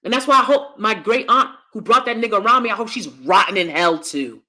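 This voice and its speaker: A woman vlogger in a personal rant who is blunt and heavy on profanity. Her voice is bright and forceful, and she hits her points hard. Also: mid-range voice, brisk. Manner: calls herself loud.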